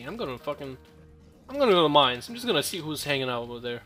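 A man's voice: a little high, very animated, fast talker, pushed and bright, soft background music. A young man giving casual, joking gameplay commentary, full of profane trash talk and rambling asides.

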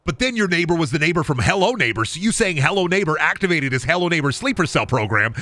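A man's voice: a little high, big pitch swings, quick pace, pushed and bright. A man who is a gaming streamer, riffing through absurd comedic stories on stream with frequent swearing. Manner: absurd, self-aware storytelling, swearing.

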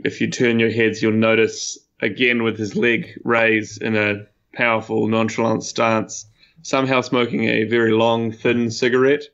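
A man's voice: fairly low pitch, creaky, a bit bright. A man narrating his moves as a tabletop game player, hesitant with many fillers, on a dull lo-fi mic.

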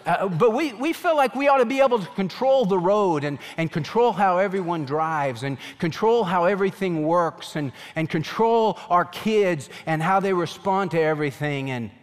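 A man preaching a sermon as a pastor, animated, voicing God's questions in a pleading tone. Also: high-pitched, normal speed, few pauses, long reverb tail.

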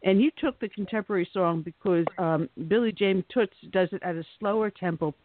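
High-voiced male radio host, phone-thin. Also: a little fast. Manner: chatty and conversational. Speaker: radio talk show host. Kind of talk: radio talk show chat. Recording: tinny phone-like line.

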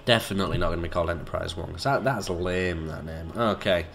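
A man's voice: deep voice, quick pace, gravelly, a bit bright, slight background noise. A man giving let's play commentary, chatty and joking, swearing and talking to himself as he builds. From Britain. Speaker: gamer.

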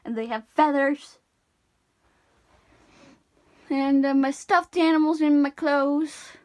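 Tired high-voiced young woman, cartoony. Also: a little slow. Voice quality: cartoony put-on voice. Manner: rambling, self-deprecating, stammering restarts. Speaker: drawing tutorial vlogger. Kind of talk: casual drawing commentary.

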